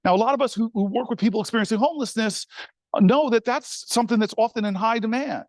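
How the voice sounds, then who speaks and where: High-voiced man telling a story onstage. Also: fast talker, no room sound. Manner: animated, folksy, speaks directly to the crowd. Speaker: senator giving a speech. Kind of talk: storytelling speech to an audience.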